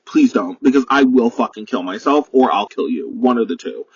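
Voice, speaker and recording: A man's voice: mid-range voice, animated, a little fast, slightly rough, no echo. A young man from New York hosting a solo podcast from his parked car, telling a story in a profane, rambling, dramatic way. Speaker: podcast host. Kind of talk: casual solo storytelling rant. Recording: dull, muffled sound.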